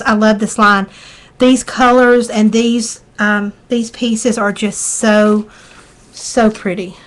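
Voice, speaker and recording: Folksy Southern woman demonstrating crafts. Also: on the high side. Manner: chatty, folksy, talks while working. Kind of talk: live craft tutorial.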